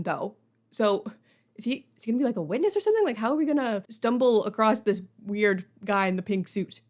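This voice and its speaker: A young woman chatting casually and rambling with lots of fillers as she plays through a game. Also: medium pitch. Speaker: let's play host.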